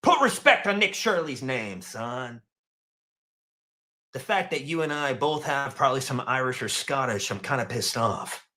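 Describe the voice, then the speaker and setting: Animated, lively man hosting a reaction show. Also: mid-range voice, measured pace. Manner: animated, mocking, profane. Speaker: show host reacting to clips. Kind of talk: casual reaction commentary.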